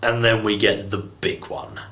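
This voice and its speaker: A man's voice: fairly low pitch, unhurried, pushed and bright. Exasperated English man ranting in a roomy echo. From England. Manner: exasperated, sarcastic, swears freely. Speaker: film reviewer. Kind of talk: ranting movie review.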